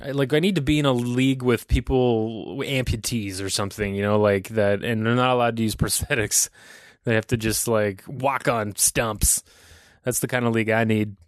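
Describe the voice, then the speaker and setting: A man's voice: medium pitch, fairly even intonation, a little fast, smooth, dry recording, clean studio sound. A man in his thirties hosting a podcast, ranting in a rambling, profane and self-deprecating way. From Canada. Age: 30s. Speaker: podcast host. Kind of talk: casual solo podcast rant.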